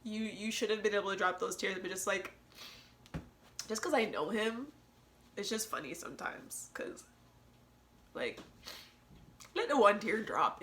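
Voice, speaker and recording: A woman's voice: medium pitch, animated, measured pace, pauses often, fairly bright tone, a little hiss or hum. A young woman hosting a solo podcast, talking candidly and emotionally, laughing often and lecturing her listeners. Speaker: podcast host.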